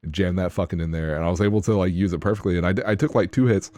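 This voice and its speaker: A man's voice: low voice, very fast, a little mellow, dry recording, studio quality. A man telling a rambling, profane story in a casual chat among friends on a podcast. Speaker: podcast co-host.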